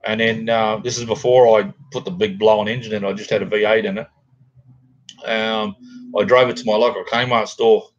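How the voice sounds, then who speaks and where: A man's voice: on the low side, little pitch movement, moderate pace, dull audio, a little hiss or hum. A middle-aged Australian man rambling casually to viewers while hosting a livestream from home. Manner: rambling, laid-back, chatty with viewers. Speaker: livestream host. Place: home, near a garage.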